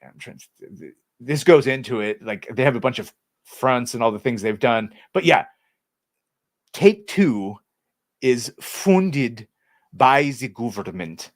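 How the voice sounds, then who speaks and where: A man's voice: medium pitch, animated, unhurried, no room sound, clean studio sound. A man co-hosting a casual podcast chat, ranting sarcastically and swearing freely. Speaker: co-host.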